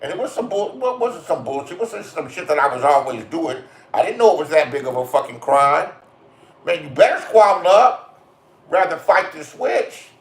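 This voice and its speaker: Middle-aged guy from california cussing up a storm, kinda high voice, roomy echo. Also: very animated, normal speed. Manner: crude, swearing, confrontational storytelling. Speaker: vlogger. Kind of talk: profane ranting monologue.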